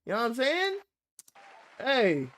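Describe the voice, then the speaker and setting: A young man hosting a live reaction stream, talking in a casual, slangy and excitable way and laughing easily. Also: extremely high pitch, a little slow. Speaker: livestream reaction host.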